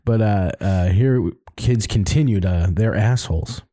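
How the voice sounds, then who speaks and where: Mellow, low-voiced podcast co-host. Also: male voice, unhurried, no room sound, clean studio sound. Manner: brief, laid-back interjections. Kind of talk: casual podcast discussion.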